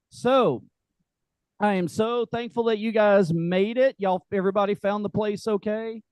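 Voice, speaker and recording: A man's voice: sits high, steady tone, measured pace, a little mellow, clear, resonant tone, dry recording, lo-fi sound. A man hosting a group meeting, casual, joking and folksy, with lots of fillers. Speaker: meeting host. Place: meeting room.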